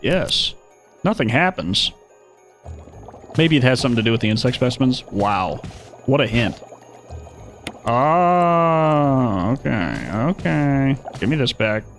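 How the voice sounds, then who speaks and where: A man's voice: mid-range voice, very animated, slow, long pauses, soft background music. A man streaming a horror video game, chatting casually and narrating his own moves with wry asides. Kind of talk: live gameplay commentary.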